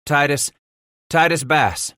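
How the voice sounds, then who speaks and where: A man voicing a wary young frontier trapper with a croaky voice, for an audiobook. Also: on the high side, slow pace, sharp tone, no echo, clean studio sound, voice pushed up.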